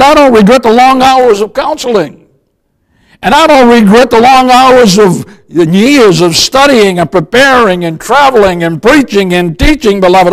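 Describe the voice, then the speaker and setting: A man's voice: sits high, low-quality recording. An older man preaching a sermon as pastor, emphatic, often calling his listeners "beloved" and asking them questions. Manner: emphatic, repeats "beloved", asks the congregation questions.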